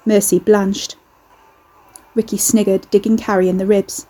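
A woman reading a novel aloud in steady scripted narration. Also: medium pitch, unhurried, low-quality recording. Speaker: audiobook narrator.

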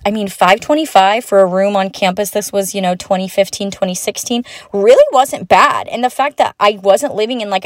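A woman's voice: mid-range voice, no room sound, clean studio sound. Chatty, self-mocking young woman podcaster. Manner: chatty, swearing, self-mocking, lively asides. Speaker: podcast host. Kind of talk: unscripted storytelling monologue.

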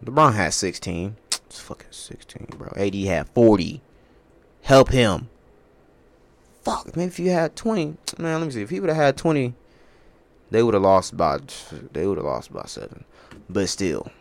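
A man's voice: fairly low pitch, big pitch swings, normal speed, creaky. A young man hosting a sports podcast, ranting in a casual, profane, rambling way.

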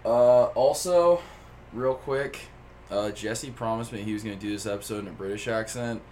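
A man co-hosting a podcast in casual chat, loud and profane, with lots of jokes. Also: on the low side, steady tone, fairly quick, a little hiss or hum. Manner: loud, profane, joking banter. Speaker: podcast co-host.

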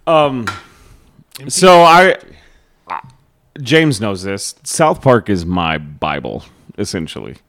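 A man's voice: fairly low pitch, very animated, slow, pauses often, fairly bright tone. A man co-hosting a podcast in casual, rambling chat with plenty of swearing. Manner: laid-back, swearing, rambling. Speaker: podcast co-host.

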